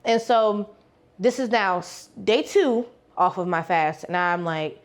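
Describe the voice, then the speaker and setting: A young woman vlogger telling her faith testimony in a casual, animated way, acting out the dialogue and using slang. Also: on the low side, a little slow. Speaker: faith vlogger and life coach. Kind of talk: personal testimony storytelling.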